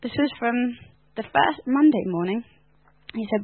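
A woman teaching at a Bible school in an animated, sermon-like manner, laughing often and scattering "like" through her sentences. Her voice sits a little high. The sound is dry and tinny, close to a phone line. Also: a little slow, slightly rough, dry recording.

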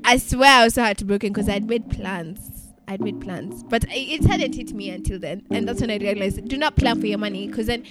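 A woman's voice: medium pitch, a little fast, over loud music. A woman in her twenties from Kenya with a mixed Kenyan, British and Australian accent, chatting casually as a podcast co-host, laughing often and acting out quotes. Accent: mixed Kenyan, British and Australian English. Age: 20s. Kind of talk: casual chat.

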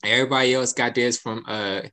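A young man speaks fairly quickly in a sharp, mid-range voice with fairly even intonation, casually trading childhood memories. He stays relaxed, laughs a lot, and acts out the lines of people in his stories.

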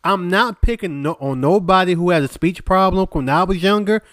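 A man's voice: high voice, fairly quick, fairly bright tone, dry recording, studio quality. A man co-hosting a podcast, talking in a blunt, crude, opinionated way. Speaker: podcast co-host. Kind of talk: casual chat.

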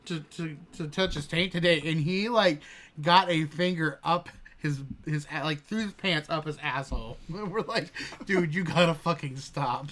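A man's voice: fairly high pitch, a bit bright. A young man casually telling a funny work story as a podcast co-host, laughing and swearing freely.

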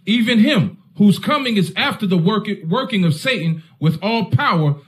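High, lively man reading scripture. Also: normal speed. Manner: reads verses aloud steadily. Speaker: scripture reader.

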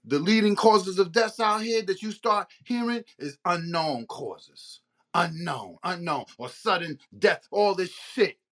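Man, podcast host, angry rhetorical rant, bright voice. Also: sits high, animated, unhurried. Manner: heated, profane, rhetorical questions. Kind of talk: ranting monologue.

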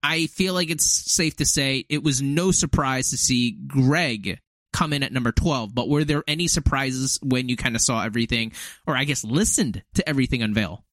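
A man's voice: mid-range voice, moderate pace, fairly bright tone, no echo. A man hosting a casual podcast chat, rambling with lots of fillers and frequent laughs. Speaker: podcast host and league commissioner.

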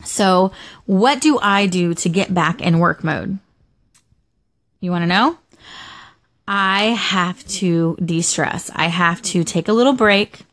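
A woman's voice: fairly low pitch, slow, long pauses, a bit bright. A young adult woman vlogging casually about her day, rambling with lots of fillers and restarts. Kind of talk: casual personal storytelling.

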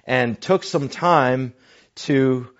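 A pastor preaching a sermon, slow and deliberate, often dropping his voice to a hushed near-whisper for emphasis. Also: medium pitch. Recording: dull lo-fi recording.

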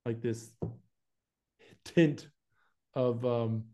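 A man's voice: medium pitch, extremely slow. Chatty man with a mixed American-Australian accent. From United States, Florida. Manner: relaxed, chatty, says "man" and "like" a lot. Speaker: guest, YouTube advertising specialist. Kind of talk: casual interview chat.

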